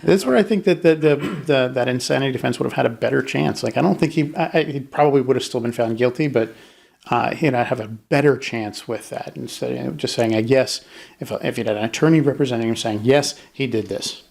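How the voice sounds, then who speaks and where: A man with a gravelly, fry-edged voice talks through a criminal case in casual conversation. He is animated and jumps into quick mock voices to act out the jurors. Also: medium pitch. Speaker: podcast co-host. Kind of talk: casual true-crime discussion.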